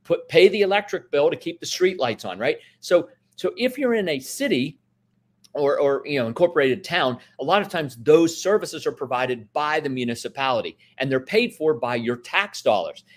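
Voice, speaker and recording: An investment expert explains things in casual talk, constantly checking in with the listener through "right?" tags and frequent restarts. His voice is on the high side and animated, at a moderate pace.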